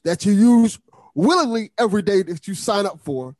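A man co-hosting a podcast in casual chat, agreeing with his partner and adding flat, matter-of-fact statements. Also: high voice, normal speed, dry recording, clean studio sound. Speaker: podcast co-host.

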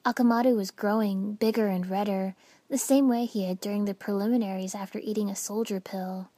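A woman narrating a first-person story with dramatic expression, dropping to hushed whispers at tense moments. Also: mid-range voice, steady tone, fairly quick, no echo. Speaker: audiobook narrator.

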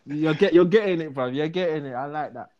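A man's voice: fairly high pitch, a little fast, a little mellow, muffled recording. A young man with a South London accent chatting as a guest, laughing often and teasing, repeating his phrases. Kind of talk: casual chat.

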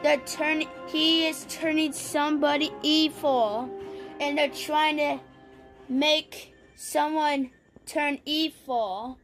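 Woman playing a toy news anchor, rambling, halting, high voice, very slow, bright tone. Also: fairly even intonation, faint music behind. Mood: urgent. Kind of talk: improvised toy play.

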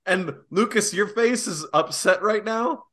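A young man co-hosting a casual podcast, animated and profane, laughing often and mimicking voices. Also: sits high, unhurried. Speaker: podcast co-host.

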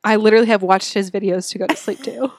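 A woman's voice: mid-range voice, quick pace, darkish tone, no echo. A young woman co-hosting a casual chat podcast, giggly and gushing, swearing casually. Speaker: podcast co-host.

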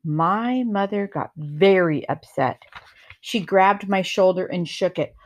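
A woman reading a first-person novel chapter aloud in a calm, measured storytelling manner. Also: medium pitch. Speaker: reader.

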